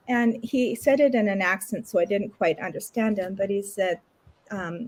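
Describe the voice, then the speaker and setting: A woman's voice: medium pitch, normal speed. Chatty middle-aged Canadian woman storyteller. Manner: animated retelling with lots of acted quotes. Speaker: interview guest. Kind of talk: casual storytelling.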